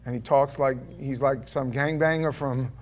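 A man preaching a sermon to a congregation, telling stories and then reading scripture aloud, swinging between loud declaiming and hushed asides. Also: mid-range voice, fairly even intonation, moderate pace. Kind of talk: sermon with personal storytelling. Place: church before a live congregation.

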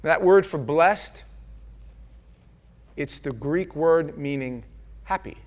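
A man's voice: fairly high pitch, slow, a little mellow. A man preaching a sermon in church, earnest and conversational, acting out the voices he quotes.

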